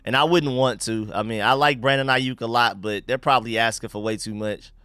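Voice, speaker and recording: A young man from the United States hosting a live stream, chatting casually and shouting out viewers and donations. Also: medium pitch, steady tone, a little fast, smooth, no room sound. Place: home room.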